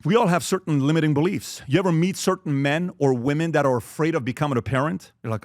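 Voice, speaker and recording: A man's voice: medium pitch, fast talker, few pauses, no room sound, clean studio sound. A man in his forties giving an earnest motivational talk on fatherhood and asking the audience questions. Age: 40s. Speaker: speaker.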